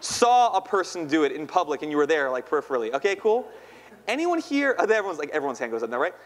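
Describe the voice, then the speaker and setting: A man in his thirties tells a personal story to a live audience in a fairly high voice. He is playful and chatty, and keeps asking the crowd questions. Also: sing-song, quick pace. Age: 30s. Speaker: poet and speaker. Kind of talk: spoken-word storytelling talk.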